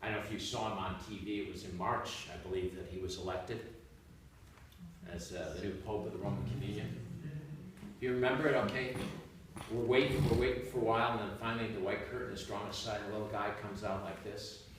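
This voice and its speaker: A man's voice: on the low side, fairly even intonation, fast, a little hiss or hum. A man, a Catholic priest, giving an informal, joking homily to a congregation. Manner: conversational, joking, with rising emphatic asides. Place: church hall with a gathered congregation. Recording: echoey room, far from the mic.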